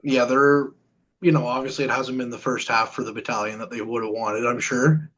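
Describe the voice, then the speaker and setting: A man hosts a relaxed podcast chat at a mid-range pitch. He talks in an animated way and laughs easily as he steers the conversation. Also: fairly quick, muffled recording, slight background noise. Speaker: podcast host. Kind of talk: casual interview chat.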